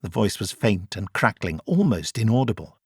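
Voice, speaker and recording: A man reading a science fiction audiobook in a measured, even storytelling voice. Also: lowish voice, heavy background noise. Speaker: audiobook narrator. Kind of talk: scripted audiobook narration.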